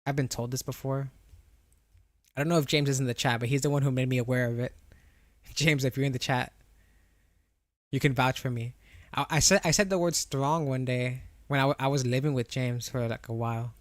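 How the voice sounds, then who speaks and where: In studio-quality audio with no echo, a young adult man streams and chats with viewers, rambling, restarting, and laughing as he answers chat. He speaks briskly at medium pitch with a steady tone, pausing often, and has a slight lisp on R and W.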